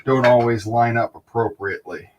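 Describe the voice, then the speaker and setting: A male host in casual chat, teasing and profane, quick to laugh loudly. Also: mid-range voice, fairly even intonation, highs cut off, very noisy.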